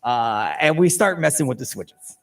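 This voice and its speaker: A man co-hosting a radio morning show, telling a story in a dry, measured way. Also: mid-range voice, lively intonation, gravelly, a bit bright, recorded from a distance.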